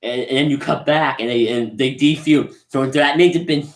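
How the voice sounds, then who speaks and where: A man's voice: medium pitch, moderate pace. A man giving a casual movie review, rambling and often restarting his sentences as he laughs along. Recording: roomy echo.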